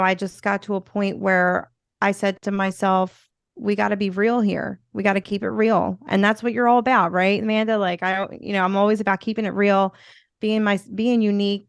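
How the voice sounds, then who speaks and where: A woman's voice: mid-range voice, flat delivery, moderate pace, clear, resonant tone, dry recording. A woman from Philadelphia with a Philadelphia accent, a podcast guest and motivational speaker chatting in an upbeat, rambling way, with many fillers. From Philadelphia, USA. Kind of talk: casual interview chat.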